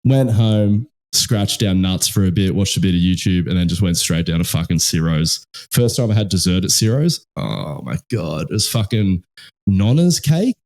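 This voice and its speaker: A man's voice: deep voice, normal speed, few pauses, a little mellow. A young man with an Australian accent hosting a podcast, telling rambling stories in casual chat and swearing constantly. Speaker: podcast host.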